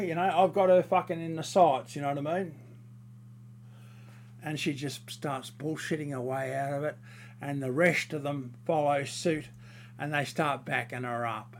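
A man's voice: a little high, slight background noise. A man in a casual monologue, ranting heatedly and crudely, rambling with fillers and restarts.

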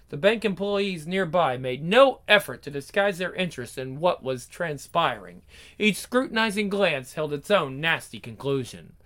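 A distraught young wife. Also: female voice, sits low, fairly bright tone. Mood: somber. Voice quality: earnest, emotional. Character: anxious devoted young wife telling her story. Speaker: narrator and wife. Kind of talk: 1940s radio acting.

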